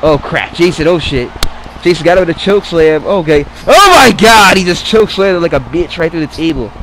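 This man's voice sits on the high side and moves briskly as he commentates a wrestling video game bout, cursing, getting worked up, and drifting into tangents. The audio is poor, carrying a slight hiss or hum.

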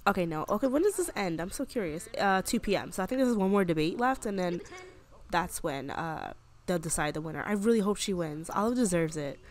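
A young woman casually commentating a life-simulation game, chatty and excitable. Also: fairly low pitch, brisk. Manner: chatty, excitable, with frequent gasps and laughs. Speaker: gaming video creator. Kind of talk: casual let's-play commentary.

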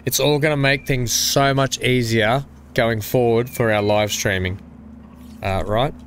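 Coughing with something stuck in his throat, this male streamer talks to his chat by name in a chatty, self-deprecating way during a live game broadcast. His voice sits at a medium pitch with fairly even intonation and a measured pace, slightly bright, over a bit of background noise.

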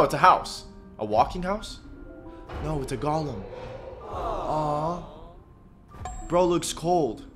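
Man, excitable reaction commentary, slangy, lively swooping voice, pitched a bit high. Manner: excitable, slangy, laughs often. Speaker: YouTuber reacting to a cartoon.

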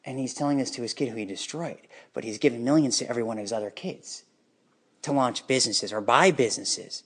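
A man telling his own life story in an unscripted personal monologue, bitter and emotionally charged, halting at times. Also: medium pitch, slightly rough.

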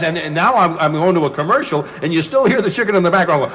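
Brief: man, lively swooping delivery, jokey raconteur, long reverb tail on the voice. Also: a little high, quick pace, hardly any pauses, background noise. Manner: animated, joking, laughs often. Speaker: former radio host, now actor. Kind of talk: casual studio chat, storytelling. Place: radio studio.

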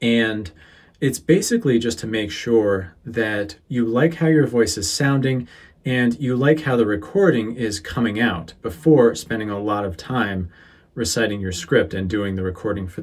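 A male teacher talking through a how-to lesson into a close microphone, unhurried and easygoing, with a few fillers. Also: medium pitch, a little mellow, slightly rough. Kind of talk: instructional voice-over. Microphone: close sensitive studio mic.

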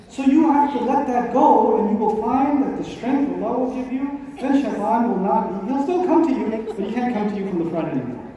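Man, religious speaker, very high mellow voice, emphatic repeated questions, distant echoey hall recording. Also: animated, brisk, few pauses, highs cut off. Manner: emphatic, rhetorical questions and repetition. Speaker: Islamic speaker. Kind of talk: live religious talk to an audience. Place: large event hall.

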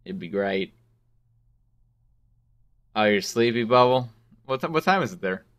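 A man's voice: fairly low pitch, lively intonation, unhurried, fairly bright tone. A man chatting casually with viewers and his co-host during a game stream. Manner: casual, chatty, fillers and restarts.

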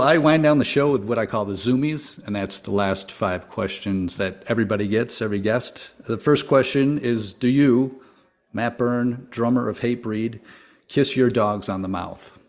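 A man hosting a podcast, asking a guest questions in an upbeat way and slowing down to stress key words. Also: medium pitch. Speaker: podcast host. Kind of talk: casual interview questions.

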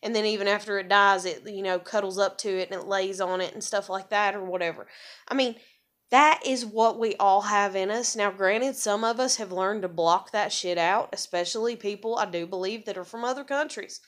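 An American woman ranting in a vlog, angry, profane and rambling, her voice jumping high when heated. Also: normal speed, a bit bright. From USA. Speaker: vlogger. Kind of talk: ranting monologue.

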